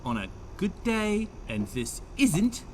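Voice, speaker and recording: A man's voice: high voice, big pitch swings, takes it slowly, background noise, exaggerated voice. An actor playing a nervous office worker in a video game, grumbling about his bosses. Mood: anxious.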